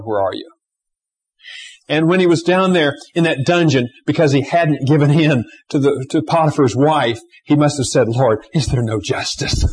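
A man preaching a sermon, swinging between loud emphatic stretches and hushed, quiet asides. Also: a little high, slightly rough. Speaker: pastor.

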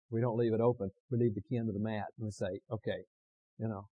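A man preaching a sermon, moving from calm storytelling to loud, impassioned preaching that repeats phrases for emphasis. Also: on the low side, fast, no echo, narrow, tinny audio. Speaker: pastor.

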